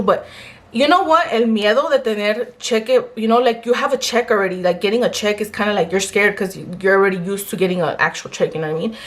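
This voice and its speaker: A woman's voice: mid-range voice, fast. A young woman who owns a small brand, telling her story to camera in a casual, candid way, swearing often and using many fillers like um and like. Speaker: small clothing brand owner.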